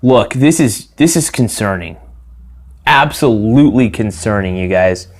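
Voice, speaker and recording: A man's voice: fairly low pitch, expressive, a little slow. A young man hosting his own finance podcast, talking casually on his own, rambling with many fillers and restarts, and swearing freely. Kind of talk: casual solo podcast talk.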